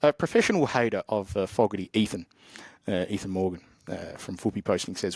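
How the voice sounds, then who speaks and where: A young man hosts a casual podcast chat, joking and rambling as he works through listener posts. His pitch swings widely as he talks. The sound is close and dry. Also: lively intonation, a little fast, gravelly, a little mellow, husky, dry recording. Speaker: podcast host.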